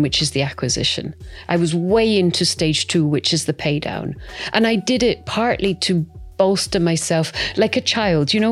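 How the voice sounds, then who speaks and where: Lively chatty woman. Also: lowish voice. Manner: animated, chatty, with playful asides. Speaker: guest. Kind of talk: casual podcast chat.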